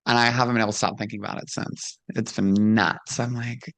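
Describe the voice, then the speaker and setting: A woman's voice: rumbling low, fairly even intonation, fairly quick, fairly bright tone. A woman who used to wrestle professionally, chatting casually as a guest. She tells stories frankly, laughs often and acts out quoted dialogue. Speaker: guest, former pro wrestler. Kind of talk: casual chat, storytelling.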